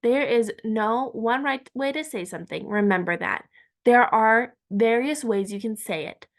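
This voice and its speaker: A woman teaching a Spanish lesson, saying each word slowly and repeating it for learners. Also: a little high. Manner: slow and deliberate, repeating words for learners. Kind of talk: language lesson.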